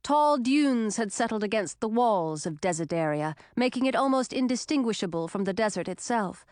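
A woman reading an audiobook in calm, scripted narration. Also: a little high, moderate pace, dry recording, studio quality.

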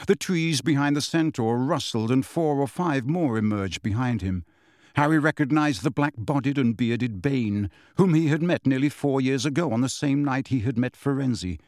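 A man reading a novel aloud as an audiobook narrator in an even storytelling manner. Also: medium pitch, normal speed, no room sound, clean studio sound. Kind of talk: scripted narration.

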